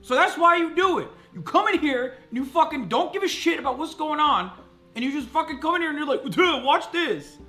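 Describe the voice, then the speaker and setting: A man's voice: very high voice, lively intonation, quick pace, bright, forceful tone. A man streaming live, ranting heatedly at his chat and swearing freely. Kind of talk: livestream reaction rant.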